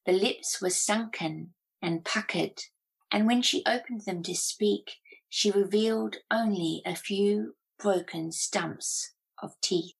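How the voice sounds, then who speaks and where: Slow, gravelly woman author. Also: medium pitch, rough recording. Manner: unhurried, measured storytelling. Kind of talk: reading her novel aloud.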